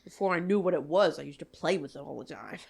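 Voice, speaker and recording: A young adult woman co-hosting a podcast in casual chat, animated and swearing casually, often laughing. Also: sits low, quick pace, creaky, husky. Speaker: podcast co-host.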